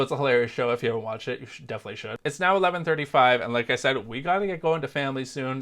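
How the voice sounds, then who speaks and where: A young adult man from Canada talks to the camera in a relaxed, chatty vlog voice at a mid pitch. He jokes about himself and drifts into friendly asides. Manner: chatty, self-deprecating, jokey asides. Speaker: crochet vlogger. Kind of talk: casual vlog chat.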